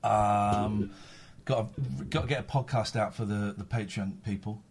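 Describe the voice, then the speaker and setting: A tired man hosting a live stream, his voice on the low side. He rambles and repeats himself in loose chat, with faint room ambience underneath. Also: fairly even intonation, measured pace, a little mellow, a little hiss or hum. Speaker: streamer and podcast host.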